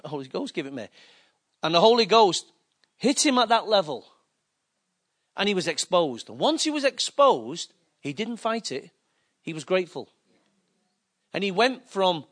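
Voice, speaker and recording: A man preaching a sermon, telling stories and acting out quotes in a lively anecdotal way. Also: on the high side, normal speed. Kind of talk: sermon storytelling.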